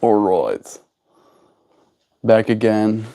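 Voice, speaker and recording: A man chatting casually on a live stream from home in a gentle, unhurried way, talking to his pet and answering viewer comments. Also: on the low side, lively intonation, vocal fry, a little hiss or hum. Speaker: livestreamer.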